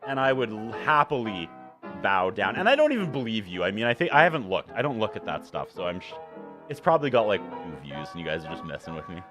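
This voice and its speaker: A man who is an author and a podcast regular jokes in a dry, self-deprecating way. His voice sits fairly low, with faint music low in the background. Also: sing-song, quick pace. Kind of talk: casual chat.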